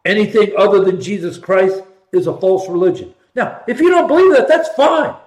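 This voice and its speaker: Emphatic man, high voice, echoey room. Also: sing-song, normal speed, darkish tone. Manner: emphatic, sarcastic, repeats for stress. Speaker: host. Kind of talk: political commentary show.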